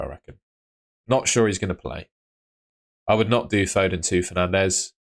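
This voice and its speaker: Low-voiced chatty man streaming live. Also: moderate pace, gravelly, long pauses. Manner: chatty, rambling, answers chat by name. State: tired, yawning. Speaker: fantasy football streamer. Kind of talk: casual live stream chat.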